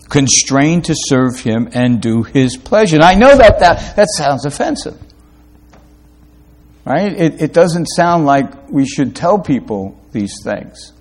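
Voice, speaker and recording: A man's voice: mid-range voice, darkish tone. Man preaching an emphatic sermon. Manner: preaching with rising emphatic peaks and rhetorical questions; quick asides between slow, stressed phrases. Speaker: pastor.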